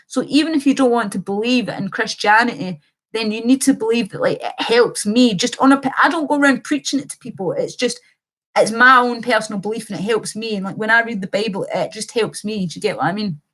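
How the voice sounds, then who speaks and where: A woman's voice: a little high, fairly bright tone. A young woman livestreaming, reading chat comments and rambling in an impassioned way, swearing casually.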